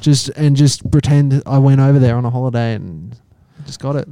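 A man's voice: medium pitch, fairly quick, dark tone, no room sound, studio quality. An Australian man co-hosting a podcast, teasing and telling short anecdotes in a laid-back way. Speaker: podcast co-host. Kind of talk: casual crude banter.

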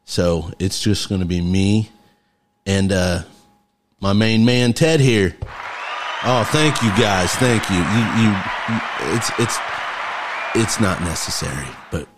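A man hosting a casual podcast from a garage, easygoing and quick to laugh, with lots of fillers. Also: on the low side, background noise. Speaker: podcast host. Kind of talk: casual chat.

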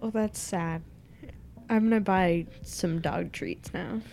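A woman's voice: on the low side, takes it slowly, vocal fry, darkish tone, faint music behind. Blunt, persistent woman player. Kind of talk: in-character tabletop role-play.

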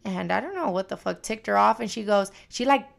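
A young woman co-hosting a podcast, telling an animated, foul-mouthed story in casual chat. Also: medium pitch, brisk, vocal fry. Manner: animated storytelling, heavy swearing. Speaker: podcast co-host.

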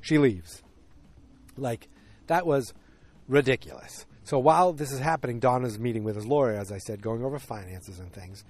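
A man's voice: mid-range voice, moderate pace, a little mellow. A man in his forties casually recapping a TV episode, with lots of fillers and opinionated asides.

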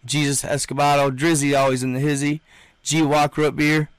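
A man's voice: a little high, flat delivery, normal speed, clean tone, dry recording. A young man hosting a livestream, chatting and reading out comments in an emphatic, slangy way, repeating himself often. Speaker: livestream host.

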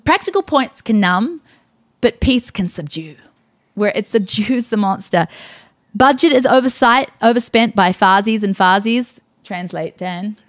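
A woman co-hosting a podcast, telling stories with animated, emphatic delivery in a casual faith talk. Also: medium pitch, measured pace. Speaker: podcast co-host.

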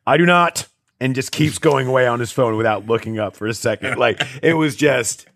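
A man's voice: mid-range voice, fairly quick, vocal fry, dry recording. A man, a sports reporter co-hosting a podcast, telling stories casually with lots of fillers and laughs. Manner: chatty storyteller, lots of fillers, laughs at his own stories.

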